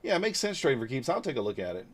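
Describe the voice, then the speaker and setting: A very animated man with a medium-pitched voice races through his words. He's a trading livestreamer in his forties from Northeast Georgia, chatting casually, answering comments aloud, and speaking bluntly and loosely with mild swearing.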